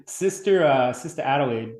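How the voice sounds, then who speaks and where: A man from Long Island telling school stories in casual chat, animated, swearing freely and laughing as he goes. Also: medium pitch. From Long Island, New York. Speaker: podcast guest. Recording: roomy echoey room.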